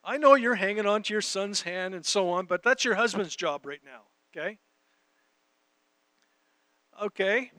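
A man's voice: sits high, animated, a little slow, long pauses, pushed and bright, clear, resonant tone, dry recording. A man preaching a conversational sermon, reading scripture and talking directly to his audience. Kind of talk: sermon teaching.

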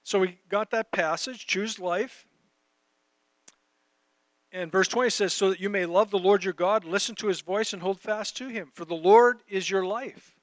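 A man's voice: high-pitched, moderate pace, no room sound. A man preaching a conversational sermon, reading scripture and talking directly to his audience. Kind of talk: sermon teaching.

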